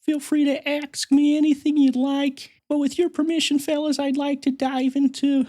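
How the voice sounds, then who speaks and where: A squeaky pompous superfan. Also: male voice, level tone, moderate pace, mellow. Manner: boastful, rambling, giggly. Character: pompous nerdy male superfan podcaster. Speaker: fake guest.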